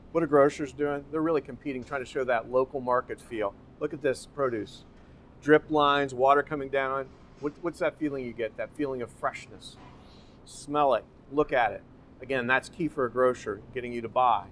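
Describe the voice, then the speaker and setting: Here a man from a real estate company leads people on foot through a grocery store, describing how it's laid out and tossing out rhetorical questions while pointing at things. He speaks in a mid-range voice at normal speed.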